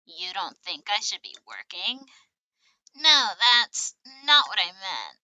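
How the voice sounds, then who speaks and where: A woman's voice: medium pitch, huge pitch swings, slow pace, bright, forceful tone, no echo, dull audio, heavily acted. A woman voicing a frail, lonely young male bird who talks in a gloomy, self-doubting way. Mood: glum.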